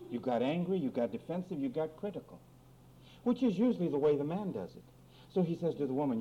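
A man preaching a lively sermon on marriage quarrels, acting out both spouses in mock voices and reading scripture. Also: fairly high pitch, fast. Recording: dull lo-fi recording with faint room noise.

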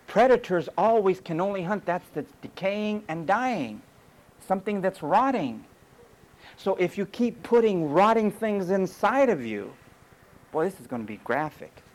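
A man's voice: a little high, slight background noise, low-quality recording. A male preacher delivering an emphatic sermon full of rhetorical questions.

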